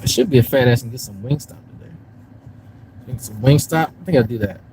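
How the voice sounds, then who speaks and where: A man's voice: mid-range voice, fairly quick, dark tone, slight background noise, low-quality recording. A man on a casual live stream, rambling and swearing as he talks to his chat from a park and a car. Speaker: YouTube commentary streamer. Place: outdoors in a park, then in a parked car.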